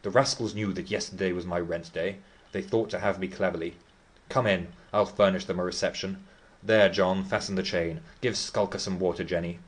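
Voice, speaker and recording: A man's voice: deep voice, fairly even intonation, moderate pace, lightly acted. A man reading the part of a blustering, pompous old magistrate in an audiobook.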